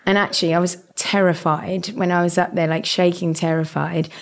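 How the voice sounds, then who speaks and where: Podcast guest: young woman, South East London accent, lowish voice, lively storyteller who laughs a lot. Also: a little fast. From England. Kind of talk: casual chat.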